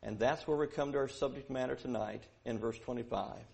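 A man preaching a sermon who moves from quiet verse-by-verse teaching to loud, emphatic preaching, repeating phrases for emphasis. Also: mid-range voice, a little fast, gravelly.

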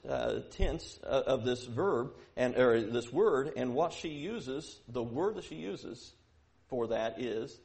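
A man with a mid-range voice preaches a sermon that shifts from quiet verse-by-verse teaching to loud, emphatic preaching, repeating phrases for emphasis.

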